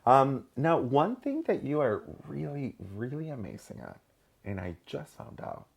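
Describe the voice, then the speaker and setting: Gushing, excitable podcast host. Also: male voice, mid-range voice, unhurried, gravelly, breathy edge, highs cut off. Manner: excitable, gushing, laughs often. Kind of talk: casual chat.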